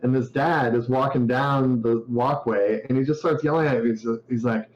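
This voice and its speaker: A man's voice: mid-range voice, steady tone, normal speed, few pauses. A man from Canada talking casually as an interview guest over a call, laid-back, laughing easily and rambling through stories. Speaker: game developer guest. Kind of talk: casual video call chat. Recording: roomy, slightly dull sound with faint noise.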